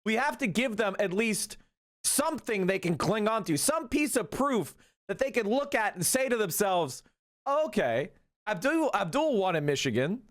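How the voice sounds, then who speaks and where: This political livestream host's voice sits high. He chats casually and animatedly, swearing freely and tossing in fast asides.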